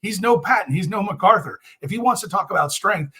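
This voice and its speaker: A man's voice: sits high, lively intonation, a little fast, sharp tone, husky. A man giving blunt, emphatic commentary as a guest in an interview. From United States.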